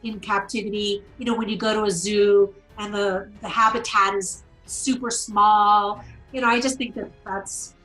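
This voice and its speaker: A woman co-hosting a casual movie review discussion, animated, acting out quotes as she talks. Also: medium pitch, moderate pace, soft background music, rough recording.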